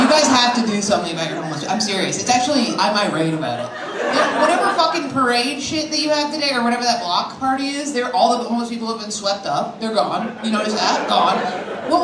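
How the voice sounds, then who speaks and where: A woman's voice: high voice, heavy background noise. A young woman doing a stand-up set with crowd work, brash, crude and blunt. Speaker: stand-up comedian. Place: comedy club stage with a laughing audience. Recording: roomy live club recording from far off.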